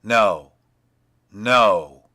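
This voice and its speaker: A man's voice: fairly low pitch, expressive, slow, sharp tone, no echo, studio quality, voice pushed down, heavily acted. A man voicing a cruel, menacing nobleman who threatens his wife in cold, commanding tones. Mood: bellowing.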